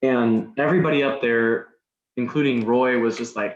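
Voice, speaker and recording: A man's voice: mid-range voice, fairly even intonation, moderate pace. Man, podcast guest, casual story, rambling restarts, roomy room, dull sound.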